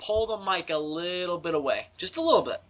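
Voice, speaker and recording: A young man with a high voice hosts a podcast over a call, telling a story in a profane, animated rush and acting out the voices of the people in it. The call audio is muffled and lo-fi. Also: fast, slight background noise. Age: young adult. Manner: profane, animated, acts out voices in his stories. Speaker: podcast host. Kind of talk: casual storytelling chat. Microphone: home mic on a voice call.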